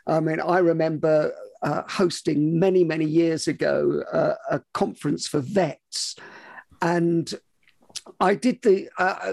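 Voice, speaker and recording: A man with a high voice and a gravelly edge hosts a podcast. He works as a psychologist and asks chatty questions, often cutting himself off. His voice sounds dry and close. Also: a little mellow, no room sound. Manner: chatty, questioning, self-interrupting. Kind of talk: podcast interview.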